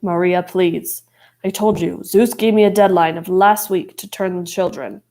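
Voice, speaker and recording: A woman voicing a gloomy, brooding male god of the dead, speaking low and pleading. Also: moderate pace, a little mellow, lightly acted.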